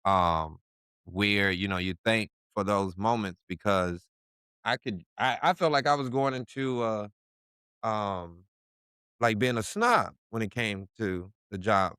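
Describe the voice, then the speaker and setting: Smooth-voiced laid-back podcast man. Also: on the low side, slow pace, dry recording, studio quality. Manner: relaxed, laughing, self-deprecating. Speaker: podcast co-host who works with youth. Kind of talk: casual podcast chat.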